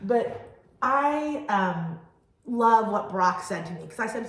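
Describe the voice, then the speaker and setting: A woman in her thirties co-hosting a family podcast, telling stories in a chatty, animated way. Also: on the high side, slow pace, roomy sound, rough recording. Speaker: podcast co-host. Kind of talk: casual chat.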